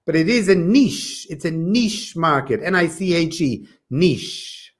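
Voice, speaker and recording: A man teaching English corrects word stress and pronunciation in a friendly, casual manner. His voice is high for a man. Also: animated, normal speed.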